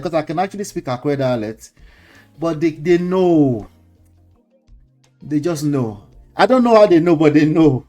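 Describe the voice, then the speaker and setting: Middle-aged Nigerian male host, relaxed preachy commentary with laughs and slang, soft music bed. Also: on the high side. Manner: lecturing, chuckling, mixes in pidgin slang. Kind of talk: casual commentary monologue.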